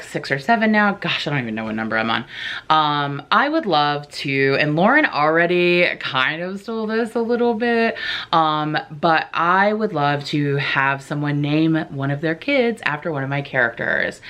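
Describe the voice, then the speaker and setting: A woman with a low, deep-set voice chats to camera about her own dreams, rambling along with plenty of filler words. She sounds enthusiastic and a little self-mocking, like a writer talking to her viewers. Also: fairly bright tone. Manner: chatty, rambling, many "like" fillers. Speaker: writer vlogger. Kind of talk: casual chat to camera.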